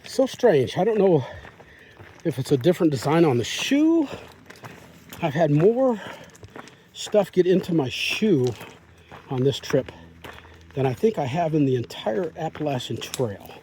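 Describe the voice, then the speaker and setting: This hiker vlogger speaks in a fairly high voice with big pitch swings, a little slow and with long pauses, while slight background noise lingers. Phone held in hand, he chats rambling along the forest trail and murmurs gently to deer.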